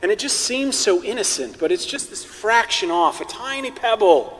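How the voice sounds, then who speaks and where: High-voiced priest preaching in a reverberant hall. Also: male voice, normal speed. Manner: conversational, animated, with wry humorous asides. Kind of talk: sermon.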